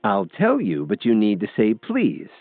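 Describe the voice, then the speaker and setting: A playful, smug policewoman needles her caller in a lifted voice, as a deep-voiced male narrator puts her on. The sound is thin and phone-like and very dry, with faint music underneath. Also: sing-song, normal speed, no echo. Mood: teasing. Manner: playful, teasing, mildly smug. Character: teasing, mischievous female police officer.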